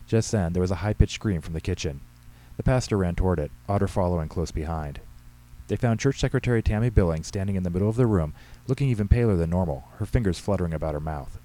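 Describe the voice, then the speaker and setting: A man, the author, reading his own short story aloud in measured storytelling narration. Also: low-pitched, mellow, low-quality recording. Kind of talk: scripted narration.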